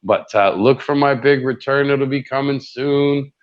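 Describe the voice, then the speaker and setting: A man's voice: medium pitch, unhurried, clear, resonant tone. Man, podcast host, casual and profane, laughing often, muffled lo-fi audio. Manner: loose, laughing, swears freely. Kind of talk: casual chat.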